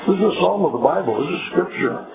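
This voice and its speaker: A man preaching at a Bible study, earnest and halting, with pauses. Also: sits high, lively intonation, gravelly, over music. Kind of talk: sermon. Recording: tinny phone-like audio with a crowd behind.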